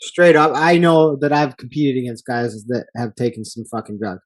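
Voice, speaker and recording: A man's voice: medium pitch, normal speed, no room sound. A man hosting a casual podcast interview, a fighter himself, telling stories in a blunt, laid-back way with plenty of swearing. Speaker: podcast host and MMA fighter.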